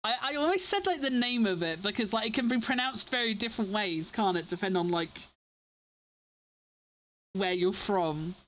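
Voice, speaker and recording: Speaking at normal speed with an animated, fairly bright mid-range voice, a young woman with an English accent chats loosely with her stream audience. She rambles, uses lots of fillers and keeps restarting her sentences.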